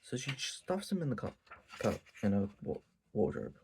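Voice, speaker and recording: Creaky-voiced man recapping manga, swearing freely. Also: fairly low pitch, normal speed, slight background noise. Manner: animated, swears a lot, acts out quotes. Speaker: channel host. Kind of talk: casual profane manga recap.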